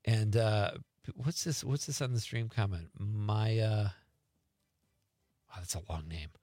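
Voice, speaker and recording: A man's voice: lowish voice, dry recording. A middle-aged man hosting a radio talk show in a studio, reading out listener texts in a casual, jokey way. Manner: lively, jokey, quick reactions. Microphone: studio microphone.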